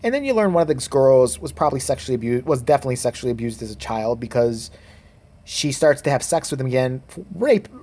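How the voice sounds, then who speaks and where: A man giving a casual spoken movie review, rambling and profane, with lots of fillers and quick mimicked quotes. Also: mid-range voice, warm tone.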